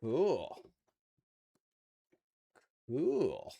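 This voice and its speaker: A man's voice: medium pitch, huge pitch swings, extremely slow, vocal fry, dark tone, slightly rough, dull audio. A Canadian man with a Canadian accent, casually chatting and bantering with his viewers while building a model kit on a live stream. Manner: chatty, playful banter with chat.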